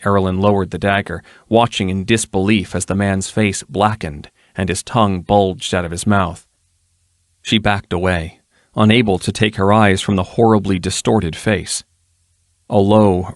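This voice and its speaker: A man reading a fantasy novel aloud in a steady, measured narration. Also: low voice, no echo, studio quality. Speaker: audiobook reader.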